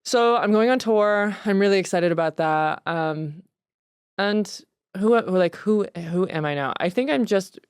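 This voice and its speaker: A podcast guest in casual chat, chatty and laughing often, with quick asides and restarts. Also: mid-range voice, clear, resonant tone, no echo, studio quality.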